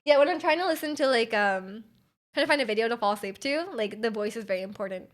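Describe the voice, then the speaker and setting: A woman chatting on a live stream in a voice sitting a little on the high side. She talks loudly and energetically, piling up fillers and reading chat aloud. Her volume rises and drops at random. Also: fast. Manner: loud and energetic, volume jumps around.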